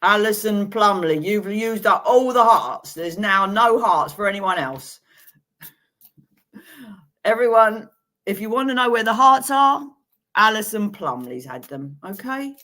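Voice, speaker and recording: This tarot reader speaks in a medium-pitched, unhurried voice with lively intonation. Hosting a live stream, she chats away, giggles, amuses herself with her own jokes, and warmly reassures her viewers.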